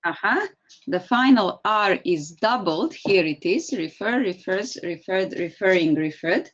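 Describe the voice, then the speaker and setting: A woman's voice: mid-range voice, expressive, a little slow, highs cut off. A woman with a Serbian accent teaching an English grammar class online, patient and encouraging as she explains step by step.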